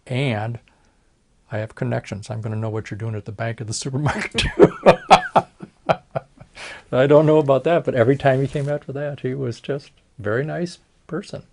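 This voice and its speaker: A man's voice: medium pitch, a little fast, vocal fry, dark tone, a little hiss or hum. Older man telling folksy stories. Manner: folksy storytelling, acts out quoted voices. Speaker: retired plastic surgeon. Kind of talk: oral history interview.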